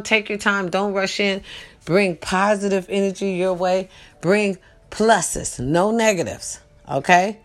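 A young woman hosting a loose, casual night talk for her viewers, teasing and streetwise in her delivery. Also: medium pitch.

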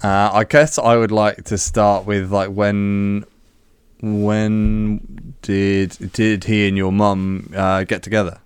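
A man's voice: fairly low pitch, level tone, slow pace, smooth, no echo. A man on a podcast asking questions in a casual, hesitant way, full of ums and restarts. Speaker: podcast co-host.

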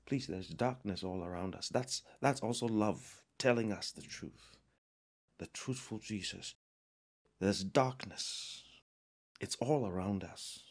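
Slow gravelly male preacher. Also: deep voice. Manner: emphatic, slow and deliberate, with fervent raised passages. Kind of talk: sermon.

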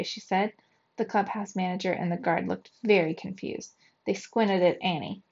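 A woman reading a children's chapter book aloud in a lively, expressive way. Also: mid-range voice, fairly quick, slightly rough, dull audio. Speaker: reader for children.

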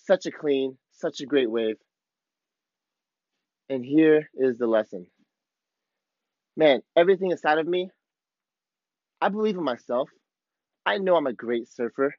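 A male podcast host with a fairly high voice tells a surf story in excited, laid-back surfer talk. The recording is dry and a little dull. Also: a little slow, pauses often, no echo. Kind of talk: casual storytelling monologue.

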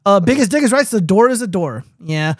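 Young male stream host, high voice, dry close sound, rambling and profane, reads chat aloud. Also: lively intonation, a little fast, no echo. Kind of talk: casual livestream chat.

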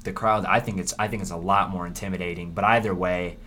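A man hosting a casual sports preview, rambling and animated with frequent restarts. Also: sits low, fast talker, slight background noise. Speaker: sports podcast host.

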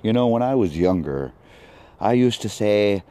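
A man's voice: lowish voice, lively intonation, normal speed, warm tone. A man hosting a solo podcast, talking in a loopy, wandering, jokey way. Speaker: podcast host. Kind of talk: rambling solo podcast chat.

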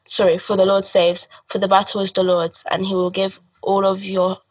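A man's voice: sits high, normal speed, no echo, far from the mic, poor audio. A man reading scripture aloud at a service, correcting himself as he goes. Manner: steady reading with self-corrections. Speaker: scripture reader.

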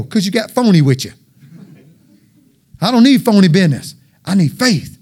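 High-voiced joking preacher. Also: male voice, lively intonation, fairly quick. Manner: joking, conversational, call-and-response. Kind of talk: informal sermon.

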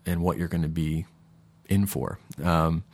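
A man's voice: low-pitched, level tone, unhurried. A man in his thirties hosting a casual podcast monologue, rambling and digressing with lots of fillers. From Florida, USA. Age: 30s. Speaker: podcast host.

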